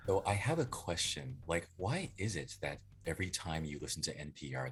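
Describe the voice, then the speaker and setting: A man's voice: sits low, sing-song, fairly quick, few pauses, husky. A man appearing as a guest on a podcast, chatting casually and chiming in with quips. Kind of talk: casual chat.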